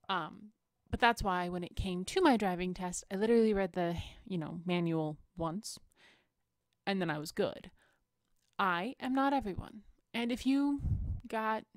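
A woman's voice: medium pitch, dry recording. Rambling chatty woman, dry close sound. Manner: chatty, self-deprecating, playful asides. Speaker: vlogger painting watercolors. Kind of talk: rambling casual chat.

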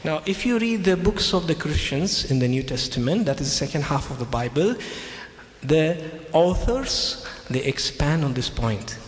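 A man's voice: a little high, very animated, moderate pace. Emphatic man lecturing in an echoey hall. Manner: emphatic, repeats key phrases. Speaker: Christian speaker. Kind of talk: lecture retelling scripture. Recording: echoey hall with faint ambience.

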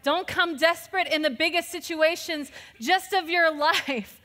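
A woman pastor giving a lively, conversational sermon, laughing often as she preaches. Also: extremely high pitch, unhurried, in a large hall.

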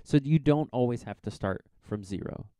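A man's voice: medium pitch, normal speed, dark tone, clear, resonant tone, no echo. A man teaching a science exam review lesson, explaining graphs in a chatty, informal way with little asides.

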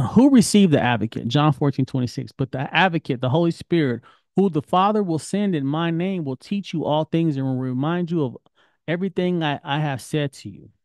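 A man's voice: fairly high pitch, brisk, a little mellow, no echo, studio quality. A man teaching an informal Bible study lesson, talking in a conversational, questioning way. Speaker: Torah teacher.

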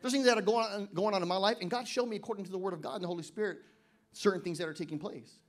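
A man with a very high voice preaching to his church. He swings from loud emphatic declarations to quiet joking asides, and he slows right down to read scripture with weight. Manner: reads scripture slowly and deliberately. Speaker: pastor. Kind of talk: sermon. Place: church service.

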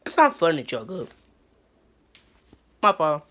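A woman performing a comedic skit, profane and excitable, swinging from mutters to shouts. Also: medium pitch, unhurried, long pauses, slight background noise.

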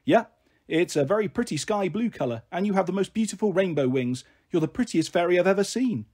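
A man's voice: sits high, animated, a little fast, darkish tone, slightly rough. A man voicing a protective big-sister girl who spins playful, coaxing fairy stories in a storybook reading.

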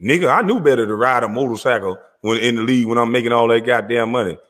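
A man with a Southern US accent hosting his own show in a loud, animated, profane rant, often laughing as he talks. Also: medium pitch, fast talker, big-room sound. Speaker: show host.

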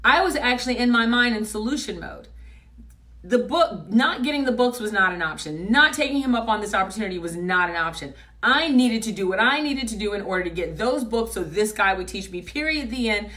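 A woman's voice: medium pitch, lively intonation, brisk, pushed and bright, far from the mic. A middle-aged woman coach telling a personal story in a blunt, emphatic way, repeating her points for force. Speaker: business coach. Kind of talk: motivational storytelling.

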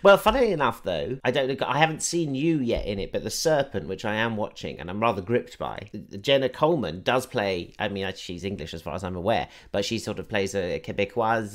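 A man's voice: fairly low pitch, expressive, brisk, few pauses. A man hosting a film chat show, asking rambling questions with many restarts and repeated words. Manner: chatty, stumbling, repeating words. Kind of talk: casual interview chat.

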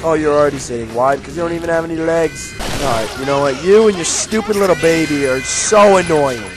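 A young man giving casual, jokey commentary while playing a video game, often yelling at enemies. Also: fairly high pitch, a little fast, over music. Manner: excitable, jokey, yells at enemies. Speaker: gaming YouTuber.

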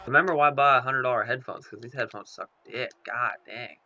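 A young man commentating his own football video game live, excitable, swearing, and talking to the screen. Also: mid-range voice, a little fast, dull audio. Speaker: gaming commentator.

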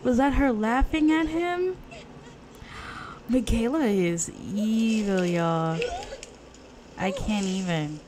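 A woman giving casual, profane commentary on her life-sim game, gasping and reacting loudly. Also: fairly high pitch, slow, long pauses, noisy background. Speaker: let's play gamer.

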